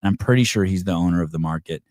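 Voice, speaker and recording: A middle-aged man with a very low voice hosts a podcast and rambles through a casual story. He swears freely, restarts his sentences and leans on fillers. The recording is dry and close, with no room sound. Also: racing, a little mellow, no room sound. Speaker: podcast host.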